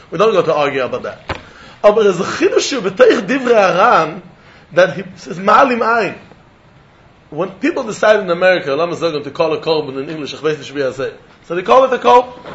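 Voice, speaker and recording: Animated high-voiced man giving a Talmud lecture. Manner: animated, mixes English with Yiddish and Hebrew terms; laughs often while explaining. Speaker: Talmud teacher. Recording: dull lo-fi recording.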